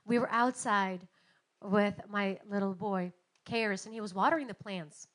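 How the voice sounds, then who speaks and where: A woman in her thirties preaching a sermon, telling stories and acting out quotes with big swings in loudness. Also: mid-range voice, moderate pace. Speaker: pastor.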